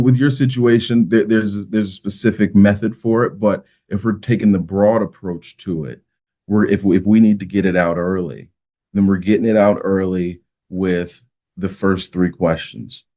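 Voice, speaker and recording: A man's voice: fairly low pitch, fairly even intonation, measured pace, dark tone. A man, a mock trial coach, speaking as a podcast guest and giving earnest, practical coaching advice. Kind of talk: casual podcast interview.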